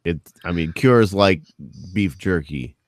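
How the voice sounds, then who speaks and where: A man's voice: deep voice, animated, slow pace, no room sound, clean studio sound. A man co-hosting a casual crossword chat, laid-back with short chuckling replies.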